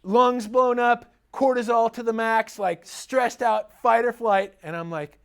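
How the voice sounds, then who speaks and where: A middle-aged man speaks to a live audience in an easygoing seminar style, shifting quickly between advice and personal anecdotes. He is animated and chatty, with frequent laughter running through his stories. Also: very high-pitched, vocal fry, clear, resonant tone. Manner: animated, chatty storyteller who laughs often. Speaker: chiropractor giving a talk to an audience.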